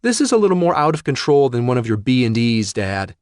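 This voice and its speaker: A man voicing a sharp, indignant young woman confronting her father. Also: mid-range voice, big pitch swings, brisk, smooth, no echo, clean studio sound, voice pushed up, lightly acted. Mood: angry. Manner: indignant, accusing.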